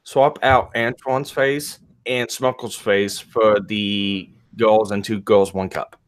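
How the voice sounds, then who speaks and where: Joking low-voiced male co-host. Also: fairly even intonation, slow. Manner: joking, playful. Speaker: podcast co-host. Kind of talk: casual banter.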